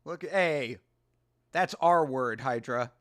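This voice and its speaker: A man in his thirties hosting a casual watch-along, excitable, slangy and laughing often. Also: medium pitch, takes it slowly. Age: 30s. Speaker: host.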